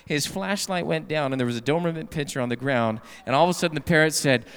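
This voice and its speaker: Lively preacher in a reverberant church. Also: male voice, fairly high pitch, fast, clean tone. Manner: animated, rhetorical, asks the congregation questions. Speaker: pastor. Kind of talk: sermon. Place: church sanctuary at a Wednesday night service.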